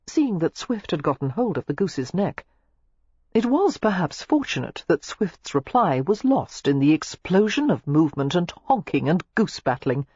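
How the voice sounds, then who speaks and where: An audiobook narrator reading a novel aloud in an expressive, scripted style. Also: slightly rough, dry recording. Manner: expressive, shifting pitch through the narration. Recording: dull lo-fi dry recording.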